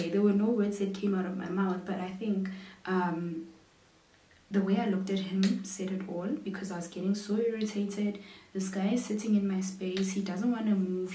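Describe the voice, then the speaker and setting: A woman, chatting and telling a lively story as a vlogger while doing her makeup, acting out her own reactions. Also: medium pitch, distant mic. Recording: roomy echo, voice set back from mic.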